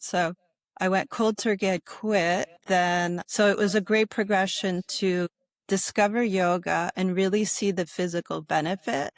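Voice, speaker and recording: A middle-aged American woman, a yoga instructor and podcast guest, telling her personal story in a casual, animated way and acting out what other people said. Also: on the low side, a little slow, dry recording, studio quality. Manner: animated, acts out quoted people in livelier voices.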